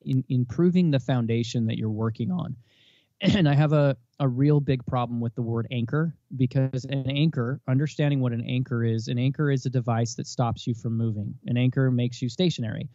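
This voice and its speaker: A man in his thirties, a podcast guest and parent, talking in an emphatic, animated way with preachy bursts, on a dull lo-fi recording. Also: mid-range voice, fairly quick, dry recording. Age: 30s. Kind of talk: casual interview talk.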